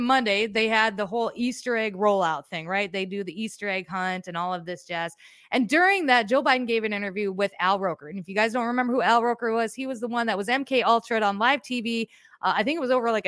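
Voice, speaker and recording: A woman's voice: on the high side, a bit bright, dry recording, clean studio sound. A woman hosting a podcast, giving blunt, profane, sarcastic political commentary in a casual way. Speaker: podcast host.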